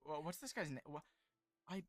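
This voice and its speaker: A man playing a tabletop game, talking in an animated way with stammering restarts. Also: on the high side, normal speed, no echo. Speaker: player. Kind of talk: casual tabletop game chat.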